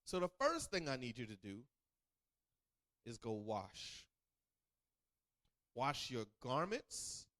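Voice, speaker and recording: Guy teaching a bible class, kinda high voice, bouncing all over the place, keeps quizzing the room. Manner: animated, call-and-response questions, acts out quotes. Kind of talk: sermon teaching.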